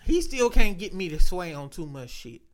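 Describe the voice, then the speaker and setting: A man's voice: high-pitched, big pitch swings, normal speed, slight background noise. Profane, slangy man chatting casually. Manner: loose, profane storytelling with slang. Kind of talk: casual chat.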